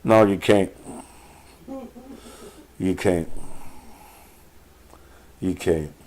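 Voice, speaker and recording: A man's voice: low-pitched, very slow, a little mellow, slight background noise. A man hosting a live call-in show, bantering with crude, profane jokes. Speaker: radio call-in show host, addressed as pastor.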